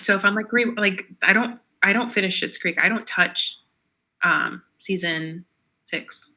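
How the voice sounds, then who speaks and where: A woman co-hosting a casual chat podcast, talking in a relaxed, reflective way with many fillers. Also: mid-range voice, unhurried. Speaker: podcast co-host.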